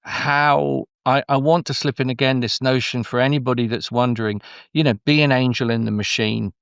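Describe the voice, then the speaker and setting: A man's voice: mid-range voice, steady tone, moderate pace, creaky, a bit bright, clean tone, dry recording. Rambling middle-aged Englishman, dull lo-fi sound. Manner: meandering, effusive, full of restarts. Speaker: guest storyteller. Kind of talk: conversational interview.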